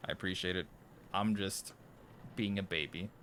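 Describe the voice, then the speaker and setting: A man's voice: low voice, fairly even intonation, moderate pace, fairly bright tone, slight background noise. A young man casually chatting to viewers while playing a horror game live, jittery and nervous, often trailing off into mumbles. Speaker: livestreamer.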